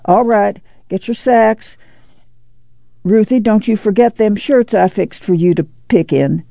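A woman's voice: medium pitch, measured pace, creaky, mellow, no room sound, pitched above the performer's own voice. Woman reading tough tired farm ma, bossy and firm, muffled lo-fi sound. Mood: urging. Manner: firm, coaxing and bossy in turn. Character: weary, determined farm mother of a migrant family. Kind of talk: audiobook character voice.

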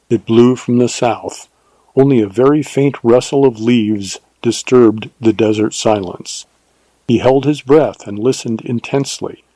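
A man narrating a western novel in a calm, even storytelling manner. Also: medium pitch, no echo. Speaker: audiobook narrator. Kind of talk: scripted narration.

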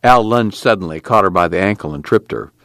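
A man narrating a novel in a measured, expressive storytelling manner. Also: sits low, no room sound. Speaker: audiobook narrator.

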